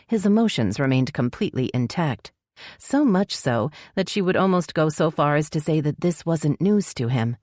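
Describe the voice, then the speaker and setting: A woman reads a novel as an audiobook, measured and even. Her voice is strikingly low. The recording is dry and close to the mic. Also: no room sound. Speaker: audiobook narrator. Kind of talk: scripted audiobook narration.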